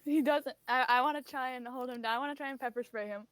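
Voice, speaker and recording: A woman's voice: sits high, fairly even intonation, fast, fairly bright tone, smooth, no room sound. A woman playing a tabletop role-play game, hesitant with stumbling starts and giggles. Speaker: player.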